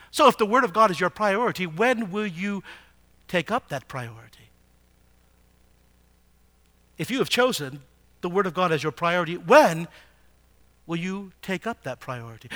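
High, bright-voiced male preacher. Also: lively intonation, moderate pace, long pauses. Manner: rhetorical questions, swings from hushed to loud. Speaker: pastor. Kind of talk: sermon.

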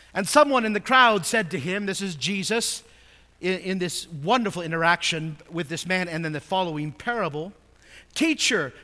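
A man preaching a sermon in a church sanctuary, his voice high and bright. He drops to hushed, low asides and then rises into loud, emphatic readings of scripture. The sound rings with the long reverb of a large hall. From United States. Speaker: pastor.

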